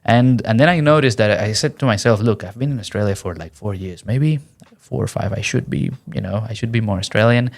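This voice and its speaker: A man hosts a relaxed podcast chat as an English teacher. He talks in a lively way and often acts out the lines other people said. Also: fairly low pitch, brisk, creaky, hardly any pauses. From Venezuela. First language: Spanish. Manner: animated, acts out quoted lines in different voices. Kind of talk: casual chat.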